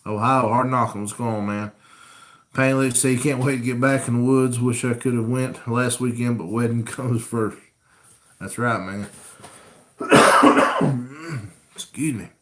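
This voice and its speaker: A man's voice: mid-range voice, steady tone, unhurried, long pauses, a bit bright. A man hosting a casual live-stream Q&A, chatting easily and reading viewer comments aloud. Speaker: coon hunting channel host. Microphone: camera rig mic.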